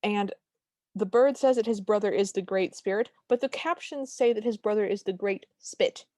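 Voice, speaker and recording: A woman's voice: medium pitch, normal speed, mellow, no room sound. A sardonic woman co-host with a mid-range voice, giving dry asides. She is recorded close and dead dry. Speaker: podcast co-host. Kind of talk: casual film recap chat.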